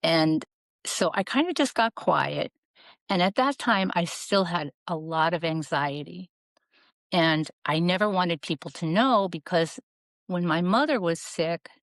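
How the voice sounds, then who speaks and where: A woman's voice: lowish voice, vocal fry, no echo. Earnest woman telling her life story. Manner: earnest, reflective, acts out quoted voices. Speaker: podcast guest. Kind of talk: candid personal storytelling.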